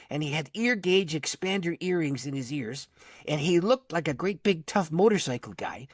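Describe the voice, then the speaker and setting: A man's voice: high-pitched, dry recording, clean studio sound. A middle-aged man, a pastor, telling a personal story in conversation, acting out the voices in his quotes. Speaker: pastor and author, podcast guest.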